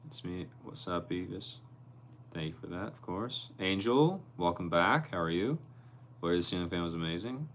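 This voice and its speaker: A man's voice: sits low, expressive, normal speed, a bit bright, slight background noise. A young man hosting a casual livestream from his bedroom, reading viewers' comments aloud and answering each one by name. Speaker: livestream host.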